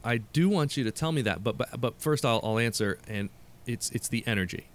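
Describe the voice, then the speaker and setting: A male guest on a podcast, a performer with a mid-pitched voice. He tells stories with animated, earnest energy. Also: a little fast. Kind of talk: casual podcast chat.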